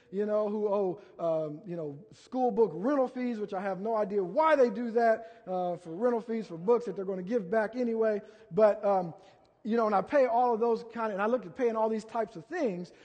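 Husky high-voiced pastor in a reverberant hall. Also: male voice, moderate pace, highs cut off. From Ohio, USA. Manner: folksy storytelling, full of asides and fillers. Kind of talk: conversational sermon. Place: church sanctuary. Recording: long reverb from a large hall.

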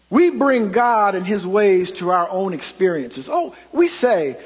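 A middle-aged man preaching a sermon, telling stories and swinging from loud emphasis to hushed asides. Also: sits high, breathy edge. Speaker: pastor. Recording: long hall reverb.

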